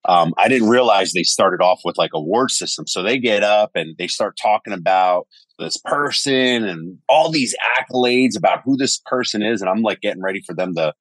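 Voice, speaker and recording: A man's voice: on the low side, normal speed, dry recording. A man telling stories animatedly in a casual podcast conversation, cursing freely. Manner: animated storyteller, swears casually. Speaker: podcast guest.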